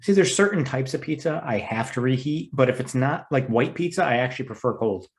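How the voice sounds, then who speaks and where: A man's voice: medium pitch, expressive, a little fast. A young man co-hosting a podcast in casual chat, playful and insistent. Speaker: podcast co-host.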